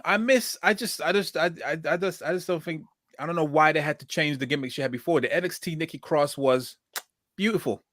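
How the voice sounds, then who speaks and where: A man's voice: a little high, fairly quick, a bit bright, no room sound, studio quality. A man hosting a casual podcast chat and reading comments aloud, rambling and hesitant, restarting his sentences often. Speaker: podcast host.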